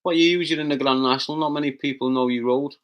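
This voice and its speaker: A man with a Liverpool accent hosting a casual livestream, reading out chat comments with brash, sweary, rapid-fire banter and loud taunting outbursts. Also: medium pitch, fairly even intonation, lo-fi sound. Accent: Liverpool (Scouse). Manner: bursts into loud taunting rants.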